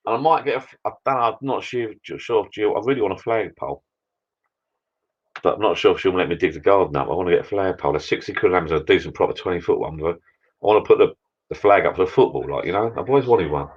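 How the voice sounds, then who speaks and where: A man's voice: low voice, quick pace, slightly rough, highs cut off. A British man hosting a casual live chat with viewers, rambling chattily while drinking beer. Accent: British English. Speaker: livestream host chatting with viewers.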